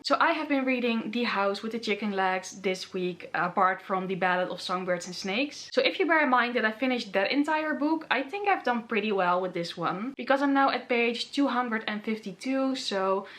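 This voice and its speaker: A young woman casually vlogging about her reading, chatty and gushing with excitement. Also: on the high side. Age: young adult. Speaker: book vlogger.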